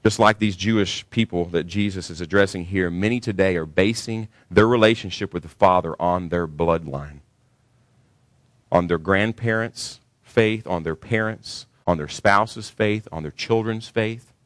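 Low-voiced male pastor preaching emphatically. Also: measured pace, no room sound. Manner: emphatic preaching, rising sharply when stressing a point. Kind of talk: sermon.

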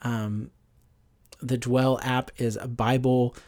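A man delivers a Bible teaching for a podcast in a measured, earnest way. His voice sits at a middle pitch, and he often pauses on an um. He sounds like a pastor recorded on a podcast microphone. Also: level tone, a little mellow.

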